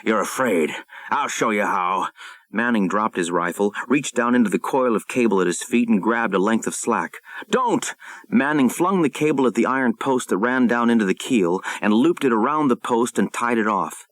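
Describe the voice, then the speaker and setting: A man narrating an audiobook in a measured, dramatic storytelling manner, recorded close to the mic. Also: medium pitch, no echo, low-quality recording.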